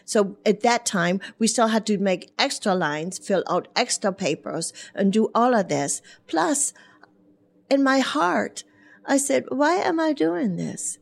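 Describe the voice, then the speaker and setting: Interview guest: woman, an animated storyteller who acts out voices and laughs a lot. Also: mid-range voice, a little slow, creaky. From Germany. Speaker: guest, hairdresser. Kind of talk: storytelling in a talk show interview.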